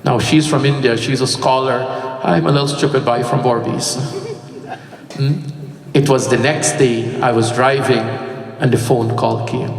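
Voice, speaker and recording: A man's voice: mid-range voice, fairly even intonation, a little slow. A man giving a devotional discourse, telling stories and breaking into chanted verses. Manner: storytelling, breaks into sung Sanskrit verses. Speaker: pandit reciting scripture. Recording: echoey hall, voice from far off, faint music.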